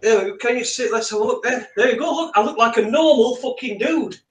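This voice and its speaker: A man with a fairly high voice co-hosts a loose chat show from his living room. He rambles, swears often and laughs along as he talks. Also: fast. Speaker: podcast co-host. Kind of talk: casual chat.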